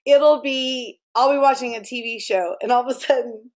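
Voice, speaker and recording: A middle-aged woman, a guest author in a conversational interview, who tells animated stories, laughs often and acts out quoted lines. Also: sits high, normal speed.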